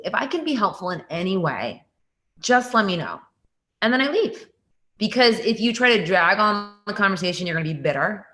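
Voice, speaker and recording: A woman's voice: on the low side, fairly bright tone. Casual woman guest speaker. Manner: casual, many fillers like "like". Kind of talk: casual workshop advice.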